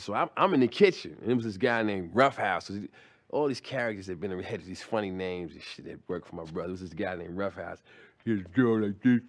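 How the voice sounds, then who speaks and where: A man's voice: fairly low pitch, fairly bright tone. A middle-aged man doing stand-up, telling a story in a loose, conversational way with slang and restarts. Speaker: stand-up comedian.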